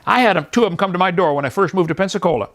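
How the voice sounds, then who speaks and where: A man's voice: sits high, rapid-fire, slight background noise. A man in his sixties preaching in a mocking, scornful way, laughing at the views he attacks and acting out the people in his stories. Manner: animated storytelling, quotes others in voices. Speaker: evangelist. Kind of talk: preaching talk.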